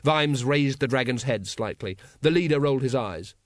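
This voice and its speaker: A male narrator reading fiction in a measured, expressive way, at a middling pitch. The recording is close and dry, with no room sound behind him. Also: no echo. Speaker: audiobook narrator. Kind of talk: scripted narration.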